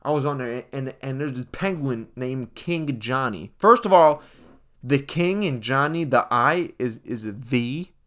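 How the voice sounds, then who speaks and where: A young man riffing through a loose comedic monologue in heavy slang, talking straight to his listeners as folks. His voice sits at an ordinary middle pitch for a man, and he keeps the mood loose and joking. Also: lively intonation, unhurried, fairly bright tone.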